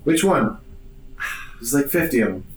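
A man playing in a tabletop game, asking quick, joking questions. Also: medium pitch, animated, slight background noise. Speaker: player. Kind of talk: casual game chat. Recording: echoey room with people around.

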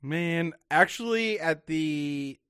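A young man co-hosting a recap podcast in a casual chat, dry and deadpan, with hesitant restarts. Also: fairly high pitch, slow, smooth, no room sound. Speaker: podcast co-host.

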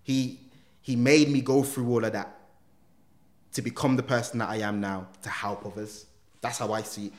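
A man, a guest in a podcast interview, telling his life story in street slang with lively quoted dialogue. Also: medium pitch, moderate pace, pauses often. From England. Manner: street slang, animated retelling with acted quotes. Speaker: guest, reformed gang member.

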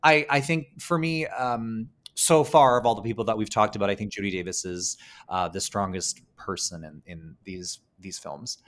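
A fairly low-voiced man talking on a podcast, chatty and loose. He fills his sentences with "like" and "um" and drops the occasional curse, in a relaxed, unscripted conversation about movies. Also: normal speed. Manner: chatty, heavy on "like" and "um", casual swearing. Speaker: podcast co-host. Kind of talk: casual film discussion.

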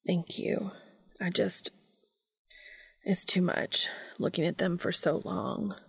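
Woman doing Castiel, hushed low-voiced angel. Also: fairly even intonation, takes it slowly, vocal fry, husky, exaggerated voice. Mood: tender. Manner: quiet and hushed, sometimes whispering. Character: soft-spoken male angel, earnest and intense.

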